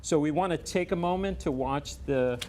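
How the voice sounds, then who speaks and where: A man hosting a community event and giving a speech, halting and often correcting himself. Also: a little high, a little mellow, slight background noise. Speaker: event host.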